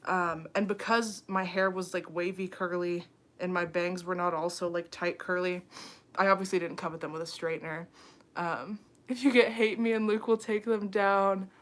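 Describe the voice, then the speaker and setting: Late at night, a young woman chats casually into her phone while hosting a YouTube livestream and reading viewer comments. Her voice is fairly low with fairly even intonation and a moderate pace. She sounds a bit tired, rambles freely, giggles between thoughts, and leans heavily on fillers like "um" and "like."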